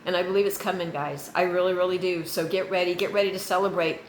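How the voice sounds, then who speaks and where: A woman's voice: on the low side, fairly even intonation, fast, reverberant, a little hiss or hum, low-quality recording. A woman hosting her own channel, talking casually and earnestly to viewers, encouraging them and repeating phrases for emphasis. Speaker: channel host. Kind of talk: casual faith vlog to viewers.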